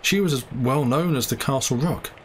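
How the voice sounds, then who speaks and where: A man's voice: medium pitch, normal speed, a little hiss or hum, natural voice. A man reading the part of an anxious young medical student who raises worried objections.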